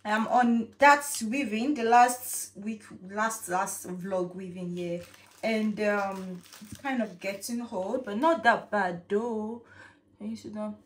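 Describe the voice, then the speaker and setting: A young woman vlogging casually from her home kitchen into a phone, telling a story in an animated, repetitive way. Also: mid-range voice, slow. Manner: chatty, animated storytelling, repeats herself. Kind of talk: casual vlog chat. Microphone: phone camera. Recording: echoey room, mic at a distance.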